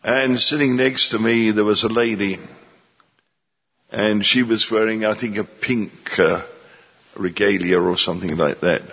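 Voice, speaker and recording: A man preaching in a slow, measured, stern way, his low, husky voice lifting when he presses a point. The sound is dull and muffled, with a long echo from a large hall. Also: steady tone. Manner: slow, deliberate and stern, rising for emphasis. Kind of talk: sermon.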